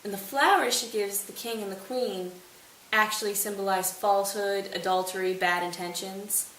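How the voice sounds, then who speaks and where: A woman's voice: mid-range voice, fairly even intonation, moderate pace, fairly bright tone. A woman hosting a casual study retelling, jokey and sarcastic. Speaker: host. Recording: roomy, distant mic, faint hiss.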